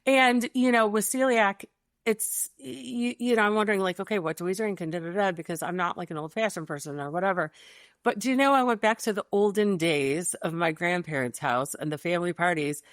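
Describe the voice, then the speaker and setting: A woman co-hosting a podcast in casual chat, chatty and quick to laugh, with a dry close sound. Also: on the low side, no echo. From Michigan, USA. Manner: chatty, laughs often, quick-fire questions. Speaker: podcast co-host.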